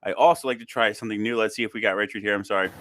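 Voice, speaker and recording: A man hosting a casual chat over a video call, chatty and quick to laugh at himself. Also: fairly low pitch, steady tone, fairly bright tone, a little hiss or hum. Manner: chatty, laughs often, self-deprecating. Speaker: podcast host.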